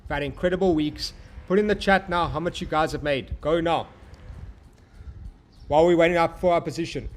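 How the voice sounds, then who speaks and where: A young man with a slightly raised pitch hosts a live trading stream, calling out to his chat as "bro". He talks in a hyped, profane, motivational way, pushing viewers to believe in themselves. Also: a little fast, pauses often. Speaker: trading livestream host.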